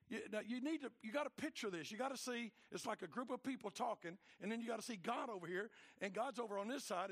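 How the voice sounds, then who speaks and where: A man preaching a sermon, swinging between loud, fired-up passages and low, quiet asides. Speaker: pastor.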